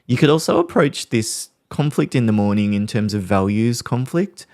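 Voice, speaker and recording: A man hosting a podcast, calmly explaining ways to handle conflict with examples from family life. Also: on the low side, normal speed, no room sound, studio quality. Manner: calm, explanatory, talks through examples. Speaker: podcast host. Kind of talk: podcast talk on parenting conflict.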